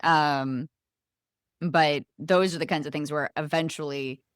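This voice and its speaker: A woman who runs an HR firm, talking casually as a podcast guest in quick explanations. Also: low voice, fairly even intonation, clean tone, dry recording, clean studio sound. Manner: laughs a lot, quick explanations. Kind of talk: casual conversation.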